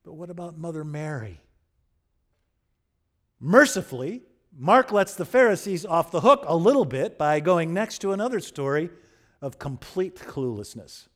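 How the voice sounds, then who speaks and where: A man preaching a sermon as pastor, telling stories with humor and lively swings in loudness. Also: fairly high pitch, moderate pace. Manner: animated, humorous storytelling with wide swings in loudness.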